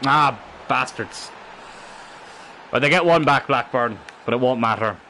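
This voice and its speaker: A young man commentating his own football game in casual let's-play style, excitable and thinking aloud, swearing freely. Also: medium pitch, unhurried, slight background noise.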